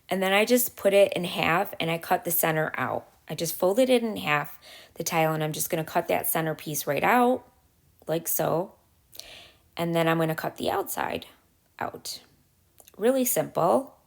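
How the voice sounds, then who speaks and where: Low, gravelly-voiced woman explaining crafts. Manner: chatty, step-by-step, frequent "um" pauses. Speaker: craft channel host. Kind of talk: casual craft tutorial voice-over.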